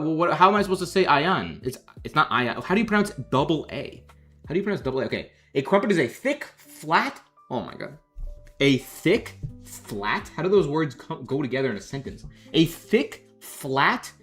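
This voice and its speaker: A young man hosts a casual game livestream, joking, rambling and reacting to chat at his desk mic. His voice sits a bit high and swings up and down a lot. Faint background music plays under him. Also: fairly bright tone. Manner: chatty, jokey, reads chat aloud and rambles. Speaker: game developer hosting a livestream.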